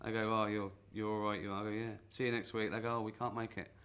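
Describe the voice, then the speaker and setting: A man playing David Brent, bright and awkward. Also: on the low side, little pitch movement, fast, clean tone, close to an everyday voice. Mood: awkward boastful. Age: 40s. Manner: rambling and awkward, full of ums and nervous chuckles. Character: self-deluded middle-aged male sales rep, awkward show-off. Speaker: would-be guitar teacher. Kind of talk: comic mock guitar lesson.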